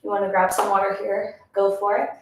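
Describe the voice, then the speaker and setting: A woman's voice: medium pitch, little pitch movement, brisk. A woman teaching a pilates class, counting reps and giving encouraging cues, a little out of breath. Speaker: pilates instructor. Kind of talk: workout instruction. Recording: echoey room, mic at a distance.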